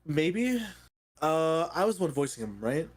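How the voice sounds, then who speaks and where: A man hosting a livestream in casual chat, playful and excitable, laughing and thanking viewers. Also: fairly high pitch, a little slow. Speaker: streamer.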